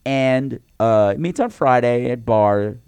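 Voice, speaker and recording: A man co-hosting a podcast, telling a campy story in a casual, animated way. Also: medium pitch, slow pace, smooth, no echo. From New York. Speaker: podcast co-host. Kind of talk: casual chat.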